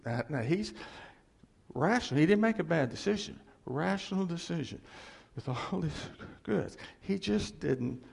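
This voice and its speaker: Male pastor, slow and husky, lively pitch, sermon in a reverberant hall. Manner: conversational preaching with chuckles and repeated phrases.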